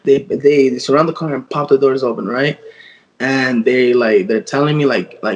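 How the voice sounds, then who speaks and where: A man's voice: mid-range voice, fairly quick, dull audio. A young man in his twenties, a guest artist telling a story in casual, slang-heavy speech full of fillers and quoted dialogue.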